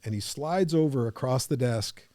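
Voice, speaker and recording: A man guesting on a podcast, telling his own story with animated energy and acting out the people in it. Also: medium pitch, moderate pace, dry recording, clean studio sound. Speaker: podcast guest, business coach.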